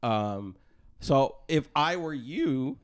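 A man's voice: medium pitch, animated, extremely slow, smooth, dry recording, studio quality. A man hosting a podcast in casual chat, rambling with many fillers and trailing off. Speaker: podcast host.

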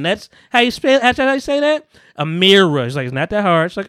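A man's voice: high-pitched, very animated, brisk, fairly bright tone, clear, resonant tone, no echo. A man hosting a podcast, casually retelling film scenes and acting out the quotes with lots of laughter. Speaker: podcast host. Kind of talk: casual chat.

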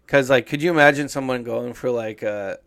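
Man, podcast co-host, casual, profane, animated. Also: mid-range voice, brisk, gravelly. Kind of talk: casual chat.

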